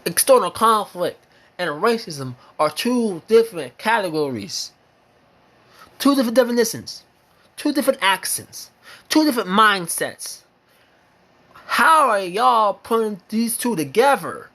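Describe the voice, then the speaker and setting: A high-pitched American man speaking at a slow, deliberate pace. He delivers a fired-up opinion monologue, pressing each point with repeated lines and blunt swearing. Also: very animated, sharp tone. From United States. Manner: emphatic and repetitive, hammering points with repeated phrases and swearing. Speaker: vlogger sharing opinions.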